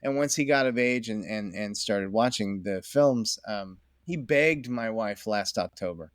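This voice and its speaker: A man's voice: on the low side, a little slow, dry recording, clean studio sound. A middle-aged man, a podcast guest, talking enthusiastically in casual conversation, rambling and laughing often.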